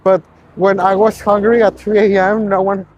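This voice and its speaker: A man chatting casually while walking outdoors, making quick teasing quips. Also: high-pitched, little pitch movement, a little mellow, dull audio, slight background noise. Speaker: walking companion. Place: outdoors on a city street.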